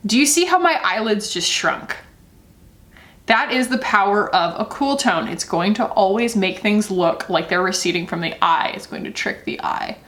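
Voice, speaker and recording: A woman's voice: mid-range voice, a bit bright. A woman vlogger talking casually through a makeup tutorial, chatty and loose, often laughing. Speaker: beauty vlogger.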